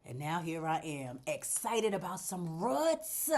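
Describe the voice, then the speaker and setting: A woman's voice: fairly low pitch, slow pace, few pauses. A woman hosting a casual plant vlog at home, chatting away while she repots, laughing and talking straight to her viewers. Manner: animated and talkative, laughs and addresses viewers directly. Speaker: plant vlogger, channel host.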